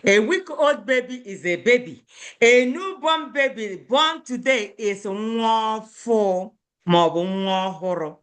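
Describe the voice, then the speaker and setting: A woman's voice: on the high side, animated, unhurried, fairly bright tone, smooth. A woman, an Igbo speaker, teaching a beginner Igbo lesson in English, patiently repeating words and checking that students follow.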